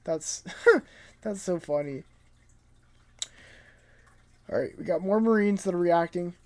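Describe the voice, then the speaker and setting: A man's voice: sits high, slow, mellow. A man reviewing a comic chapter in casual, rambling commentary, laid-back and profane, sounding tired late at night.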